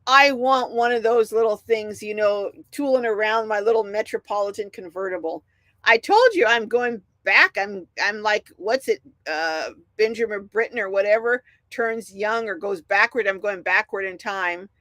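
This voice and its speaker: Reading out her viewers' comments, this middle-aged livestream host keeps things casual, chatty, and lively, laughing frequently. She speaks at a normal speed in a mid-range voice, with no room sound audible.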